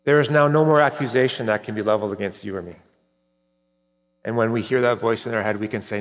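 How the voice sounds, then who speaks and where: A man preaching a sermon earnestly, rising for emphasis and dropping soft at key points. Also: lowish voice, fast talker. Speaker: pastor. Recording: long reverb, hall-like.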